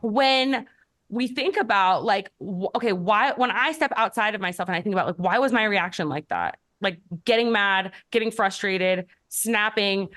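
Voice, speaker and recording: A woman in her thirties, a podcast host and health coach, answering questions in a candid, reflective way, with many fillers and lively storytelling. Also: mid-range voice, moderate pace. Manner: candid and reflective, many "like" fillers, animated when telling stories. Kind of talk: casual conversational podcast answers.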